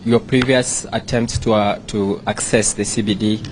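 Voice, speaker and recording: Low-voiced reporter, hesitant. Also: male voice, fairly even intonation, moderate pace, noisy background. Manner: hesitant, filler-laden questioning. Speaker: TV reporter asking a question. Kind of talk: press conference question.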